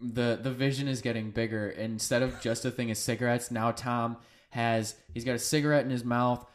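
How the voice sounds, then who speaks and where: A man's voice: medium pitch, fairly even intonation, normal speed. A man trades loose, joking banter as a podcast co-host. He rambles and swears freely in an easy, casual chat.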